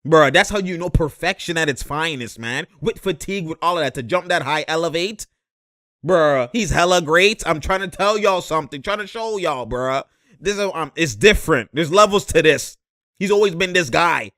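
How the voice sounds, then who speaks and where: Young male sports commentator, animated and slangy; bright, punchy tone, dry close recording. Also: on the high side, moderate pace, dry recording. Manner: animated, laughs often, slangy, mimics players. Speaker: sports commentator reacting to game footage. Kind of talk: excited play-by-play reaction commentary.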